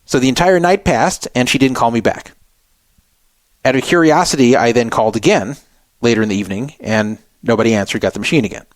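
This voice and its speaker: A man hosting a radio show and telling a personal story with animated delivery, jumping into the voices of the people he quotes. His voice sits in a middle register. The studio sound is close and dry, with no room around it. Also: mid-range voice, brisk, no room sound.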